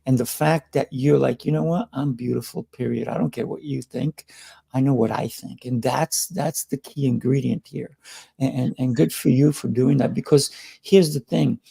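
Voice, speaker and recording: A male host with a gravelly, husky voice and a dark, mellow tone encourages his guest. He often repeats words as he starts a sentence. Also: medium pitch, fairly even intonation, normal speed. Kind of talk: interview conversation.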